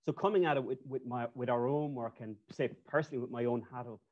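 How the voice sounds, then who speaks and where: A man's voice: mid-range voice, fairly even intonation, fast. Man presenting on a lo-fi call. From Ireland. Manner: loose, conversational, many restarts and fillers. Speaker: webinar presenter, architect. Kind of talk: conference presentation over video call. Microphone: video call. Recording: dull lo-fi call audio.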